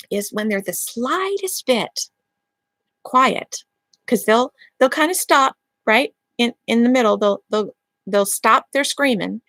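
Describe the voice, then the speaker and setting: Chatty, higher-voiced woman giving parenting advice. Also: no echo. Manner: explains step by step, checks in with repeated "okay?"; acts out calm lines to a child in a gentle voice. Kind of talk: instructional talk to camera.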